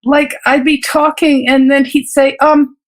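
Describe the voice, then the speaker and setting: High-voiced woman, earnest and reflective. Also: flat delivery. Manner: earnest, reflective, laughs lightly between thoughts; halting restarts and repeated words. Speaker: physician guest. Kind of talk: personal storytelling in an interview.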